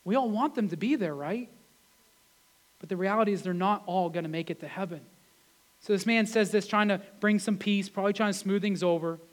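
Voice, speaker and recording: A man's voice: high-pitched, brisk. A man, a pastor, preaching a sermon in a conversational way, often checking in with the congregation through rhetorical questions. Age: adult with wife and kids.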